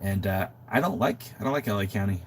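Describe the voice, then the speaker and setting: A man's voice: lowish voice, fast, slight background noise. A middle-aged man from Southern California, sick with a sore throat, chatting casually on a live stream from a makeshift home studio, often restarting his sentences and drifting into reflective asides. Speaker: wrestling podcast co-host. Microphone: webcam mic in a makeshift home studio.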